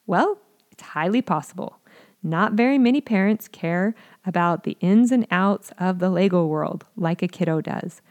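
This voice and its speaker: A woman's voice: mid-range voice, a little mellow. A woman speaking earnestly to parents, teaching how to respond to children with curiosity, sometimes acting out what a parent might say. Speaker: parenting educator.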